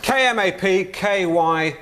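Alan Partridge, a pompous chat show host. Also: male voice, sits high, slow pace. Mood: flustered. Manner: stammering, flustered, pompous. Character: awkward, self-important male chat show host. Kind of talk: 1990s TV sitcom acting. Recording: noisy old TV recording.

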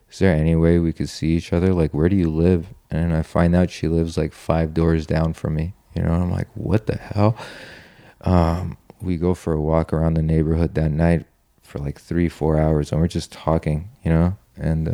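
Man, very low smooth voice, casual rambling storyteller, dry close sound. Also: warm tone, dry recording. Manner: rambling, heavy on "like" and "you know", swears casually. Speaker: guest telling his story.

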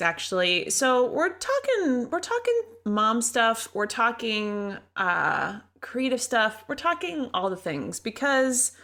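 A bright, clear woman's voice in her thirties, hosting a casual podcast at a middle pitch. She rambles comfortably, stacks up filler words and laughs often as she talks. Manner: chatty, rambling with many "like"s and frequent laughter. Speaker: podcast host.

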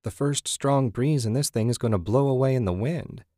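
A man's voice: medium pitch, moderate pace, dark tone, no room sound, studio quality, voice pushed up, natural voice. A man reading the part of a married woman in an audiobook, giving her a sarcastic, needling edge. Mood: teasing. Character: wry, teasing married woman.

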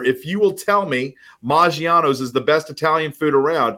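Animated man coaching real estate agents. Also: on the high side, normal speed. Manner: animated storyteller, acts out quoted dialogue. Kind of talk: casual podcast conversation.

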